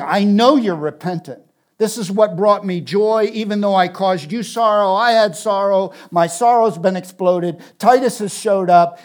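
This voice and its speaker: Guy preaching a sermon, kinda high voice, earnest and punchy, repeats stuff for emphasis. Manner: earnest, emphatic preaching with repeated phrases, dropping to soft intensity.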